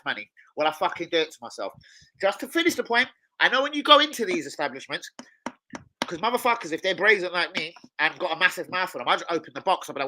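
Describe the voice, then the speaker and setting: A man's voice: sits high, quick pace, background noise. A man hosting a football watch-along, rambling and swearing freely in casual chat. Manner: rambling, excitable, swears a lot. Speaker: chef.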